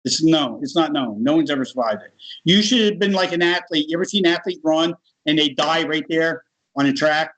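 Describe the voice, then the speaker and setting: An American man in middle age tells his story casually and with feeling. His voice sits a touch high, and he laughs as he goes. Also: fairly quick, rough recording. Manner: animated, laughs while telling. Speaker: guest.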